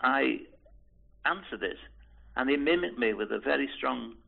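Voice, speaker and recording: A man in his eighties, from Liverpool, recalling his past in an oral history interview, hesitant and repeating words with soft chuckles. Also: medium pitch, animated, normal speed, gravelly, slightly rough. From Liverpool, England. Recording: tinny phone-like recording.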